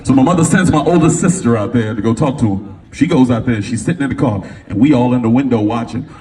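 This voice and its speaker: A middle-aged man from California, a motivational speaker telling a personal story to a live audience in an animated, slangy way, acting out the voices of the people in it. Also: medium pitch, fast talker. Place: event venue before an audience. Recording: distant mic with faint room noise.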